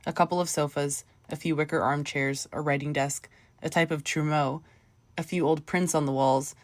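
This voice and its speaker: A woman narrating a short story audiobook in a measured, even manner. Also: sits low, no echo.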